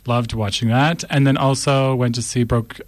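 A man co-hosting a film podcast in casual chat, joking with slow, drawn-out playful asides. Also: mid-range voice, steady tone, no echo. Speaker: podcast co-host.

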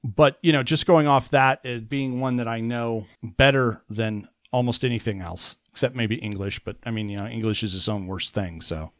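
Male co-host, mid-pitched, rambling and self-correcting, dry close mic. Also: normal speed, few pauses, dry recording. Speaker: podcast co-host. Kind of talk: casual chat.

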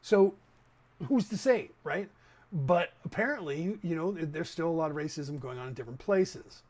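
Man, 50s, raised in the Bay Area; podcast host, loose rambling monologue, slightly raised pitch. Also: lively intonation, normal speed, a little mellow. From San Francisco Bay Area. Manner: rambling, talks straight to listeners with asides. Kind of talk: casual opinion monologue.

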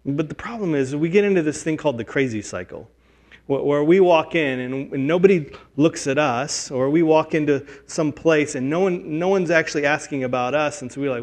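A man preaching a sermon, earnest, dropping low and soft and then rising loud in acted lines. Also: a little fast. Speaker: pastor.

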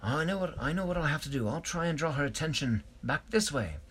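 A man voicing a steady bear captain, calm and decisive, in a told story. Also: on the high side, fairly quick, slightly rough, voice pushed up. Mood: determined.

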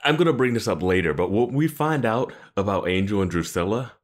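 Deep-voiced laid-back podcast co-host. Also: male voice, big pitch swings, brisk. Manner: laid-back, chuckling, asks wry questions. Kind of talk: casual TV episode recap.

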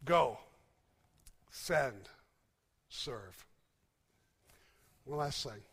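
A man preaching a sermon, telling stories emphatically and dropping to hushed, low endings. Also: animated, extremely slow, slightly rough. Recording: long hall reverb.

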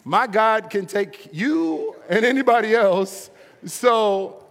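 A man voicing a calm, confident young shepherd who answers a bully quietly and firmly. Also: high-pitched, takes it slowly, in a large hall, full character voice. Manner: quiet, firm and steady.

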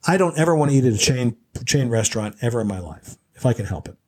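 Husky-voiced rambling storyteller man. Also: mid-range voice, quick pace. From Pennsylvania. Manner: rambling, animated storyteller with restarts and laughs. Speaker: podcast co-host. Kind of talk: casual storytelling chat.

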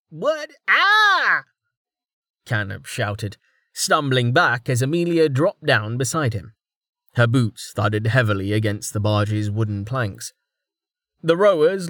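A man narrating a fantasy audiobook in an expressive storytelling manner, recorded close to a studio mic. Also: medium pitch, no echo.

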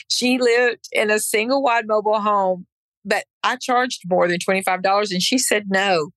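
A middle-aged woman at a podcast mic tells a personal story of faith in an earnest, emphatic voice. She acts out her own past words, and her pitch sits in the middle for a woman. The recording is close and dry, with no room sound. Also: a bit bright, dry recording. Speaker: podcast guest. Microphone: podcast microphone.

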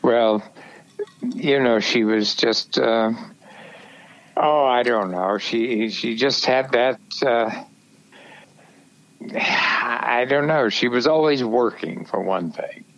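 An older man, an actor guest, talking in a halting way and searching for his words in a casual interview. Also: medium pitch, a bit bright. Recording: dull lo-fi audio.

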